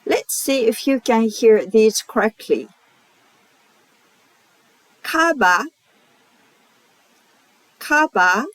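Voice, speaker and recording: A woman with a Japanese accent teaching pronunciation, repeating each example word slowly and carefully. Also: on the high side, animated, mellow, no echo, rough recording. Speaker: language teacher. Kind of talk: slow, clear pronunciation lesson.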